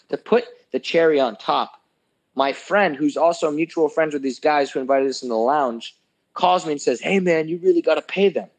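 A man's voice: a little high, poor audio. A young man telling a story in casual chat, ranting heatedly and swearing a lot.

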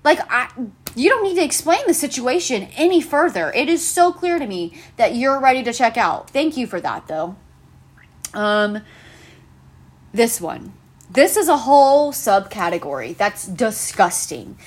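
A woman's voice: on the high side, big pitch swings, measured pace, husky. A young woman hosting a solo podcast, ranting about retail customers with sarcastic, profane exasperation. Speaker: podcast host.

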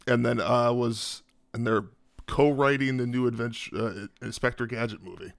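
A man co-hosting a casual movie review chat, measured and analytical, with some hesitations. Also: medium pitch, fairly even intonation, gravelly, no echo. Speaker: podcast co-host.

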